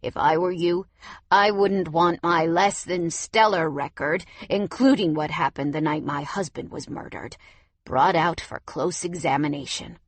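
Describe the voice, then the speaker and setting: A woman's voice: low voice, measured pace, dry recording. A woman voicing a menacing older grandfather in an audiobook, murmuring threats.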